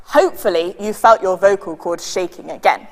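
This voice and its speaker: A woman with a British accent leading a children's science demonstration, patient and lively, counting down for the audience to join in. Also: mid-range voice, moderate pace, big-room sound. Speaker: science workshop leader.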